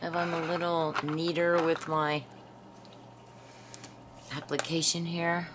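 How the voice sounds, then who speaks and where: A woman hosting a craft video, chatting to viewers while she swatches pens and dropping into soft half-whispered asides. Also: low-pitched, little pitch movement, slow pace, background noise. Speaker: craft channel host. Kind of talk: casual swatching narration.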